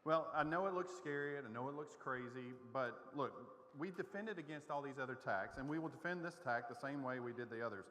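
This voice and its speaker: Casting: a man as a cheery defender captain rallying kids, bright voice, church hall reverb. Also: medium pitch, fast talker, few pauses, close to an everyday voice. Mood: reassuring. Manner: reassuring, rallying, a little rambling. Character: upbeat adult man leading young defenders. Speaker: skit performer. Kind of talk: children's church skit. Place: church auditorium.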